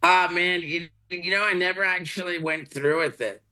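A man talking as a guest over a video call, halting and full of fillers as he tells a story. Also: high-pitched, steady tone, pushed and bright, low-quality recording. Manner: halting, lots of fillers and restarts, laughs along.

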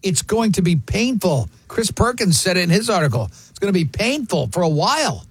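A man's voice: sits high, big pitch swings, a little fast, slightly rough, no room sound. A man hosting a sports radio show, chatting casually and telling rambling, self-deprecating stories.

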